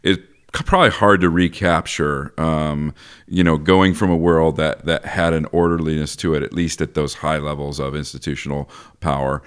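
Very deep-voiced man, smooth tone. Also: normal speed. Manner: animated, thinks aloud with restarts and laughs. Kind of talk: casual literary discussion.

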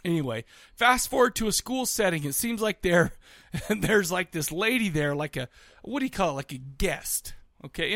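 Animated, high-voiced man recapping a movie. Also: no echo, studio quality. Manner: animated, jokey, acts out characters in quotes. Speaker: podcast co-host. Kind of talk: casual movie recap chat.

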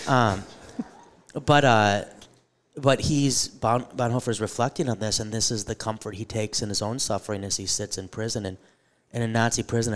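A man co-hosting a live podcast, telling stories animatedly with a joking, self-deprecating humor. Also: fairly low pitch. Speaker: podcast co-host, theology teacher. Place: live event before an audience.

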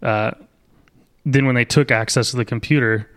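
A man's voice: medium pitch, steady tone, moderate pace, fairly bright tone, clear, resonant tone. A man co-hosting a podcast, chatting casually and joking with lots of fillers. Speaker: podcast co-host. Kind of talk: casual chat.

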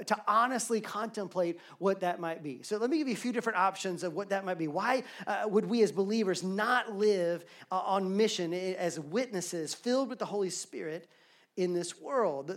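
A man preaching a sermon as pastor to a live congregation, earnest and building his points through repetition. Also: high voice. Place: church sanctuary, live service.

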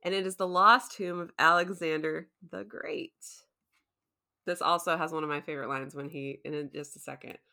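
Bright-voiced woman recapping a show. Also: low voice, normal speed, vocal fry. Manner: animated, laughs often, acts out scenes. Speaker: podcast host. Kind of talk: casual recap chat.

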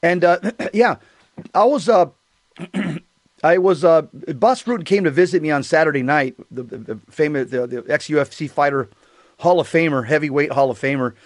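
Higher-voiced man, dry and close. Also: moderate pace, no room sound. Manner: conversational, frequent throat clearing and fillers. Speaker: co-host. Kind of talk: casual chat.

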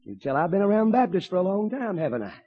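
Fiery preacher shouting. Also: male voice, high-pitched, big pitch swings, fast, breathy edge, highs cut off. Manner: bursts into shouts, dramatizes with exclamations. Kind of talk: fiery storytelling sermon.

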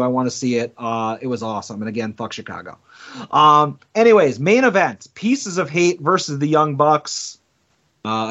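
A man with a slightly high voice recaps matches with eager, rambling enthusiasm and some swearing. He talks in loose podcast chat. The audio is muffled and lo-fi. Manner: enthusiastic, swearing, thinking out loud. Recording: muffled lo-fi sound.

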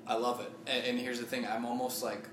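A man's voice: mid-range voice, flat delivery, brisk, roomy sound, background noise. A man hosting a podcast, eager and encouraging toward his guest. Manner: eager, encouraging, laughs easily. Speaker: podcast host, comedian. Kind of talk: casual podcast conversation.

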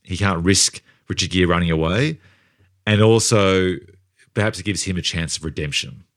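Deep-voiced man musing about films. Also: moderate pace, no echo, clean studio sound. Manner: thoughtful, builds long hypotheticals. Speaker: film podcast co-host. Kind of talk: casual film discussion.

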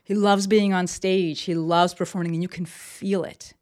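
A woman's voice: lowish voice, level tone, normal speed, darkish tone. A woman hosting a casual solo podcast from her desk, talking enthusiastically and rambling with lots of fillers and restarts. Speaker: podcast host. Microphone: desk mic with camera.

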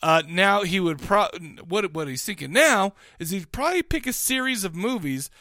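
A man's voice: high voice, lively intonation, moderate pace, pushed and bright, no echo, clean studio sound. A man co-hosting a podcast in casual banter, rambling bashfully with many restarts. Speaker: podcast co-host.

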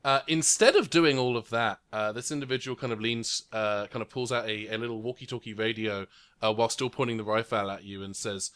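A man's voice: lowish voice, a little fast, fairly bright tone, smooth. A man narrating as game master in a tabletop role-playing game, rambling descriptions full of fillers. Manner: rambling with many fillers, voices figures briefly. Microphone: remote recording.

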